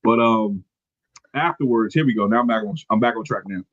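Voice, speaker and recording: A man's voice: lowish voice, a little fast, dry recording. Rambling male podcast host, dry and dull. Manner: rambling, self-correcting, reading from notes. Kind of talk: casual wrestling recap chat.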